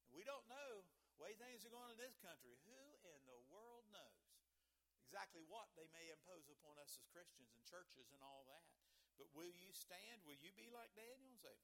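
A man's voice: sits high, sing-song, a little fast, pushed and bright. A man preaching a sermon as pastor, conversational, tossing in "right?" asides and chuckles.

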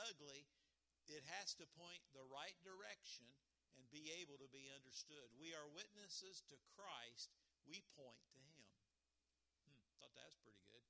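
A man's voice: on the high side, bright, forceful tone. A man preaching a conversational sermon as pastor, earnest and repeating key lines for emphasis.

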